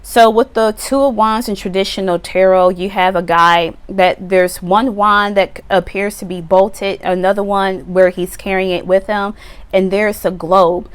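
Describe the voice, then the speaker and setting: A woman giving a casual tarot reading to camera outdoors, chatty and animated, now and then acting out the viewer's voice. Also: mid-range voice, measured pace, clear, resonant tone. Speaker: tarot reader. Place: outdoors on a windy day. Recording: wind noise, slightly distant mic.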